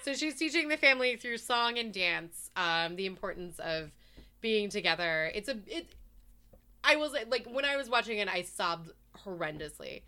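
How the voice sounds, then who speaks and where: A woman's voice: medium pitch, expressive, normal speed, pushed and bright. A woman co-hosting a casual podcast, ranting animatedly about a film, swearing and laughing as she goes. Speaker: podcast co-host. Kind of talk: casual chat, ranting movie review.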